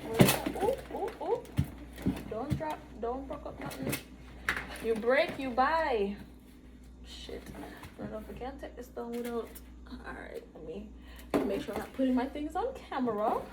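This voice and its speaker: A woman's voice: a little high, moderate pace, heavy background noise. A woman vlogging an unboxing at home, chatting casually to camera and exclaiming often. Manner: excitable, gushing, exclaims often. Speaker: podcast host doing an unboxing. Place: bedroom workstation at home.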